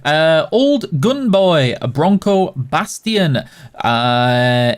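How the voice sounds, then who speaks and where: Chatty male livestream host, higher voice. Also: expressive, slow. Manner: reads chat names aloud and answers questions; friendly, teasing. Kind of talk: casual livestream chat.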